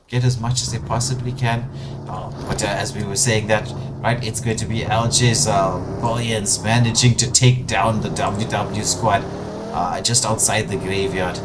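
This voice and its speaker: A man doing live play-by-play commentary on an online battle royale tournament, full of filler words and sudden bursts of excitement. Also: fairly low pitch, moderate pace, heavy background noise. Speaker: esports caster.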